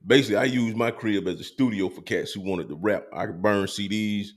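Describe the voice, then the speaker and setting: A man hosting a casual podcast, his voice sitting on the low side. He talks loosely and meanders through his stories, dropping plenty of fillers along the way. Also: fairly quick. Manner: relaxed, meandering storytelling with many fillers. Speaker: podcast host. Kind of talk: casual chat.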